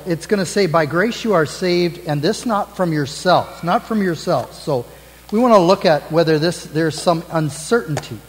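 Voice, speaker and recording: A man as pastor giving the children's message in church, gently asking the kids questions. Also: fairly high pitch, big-room sound, poor audio. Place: church sanctuary.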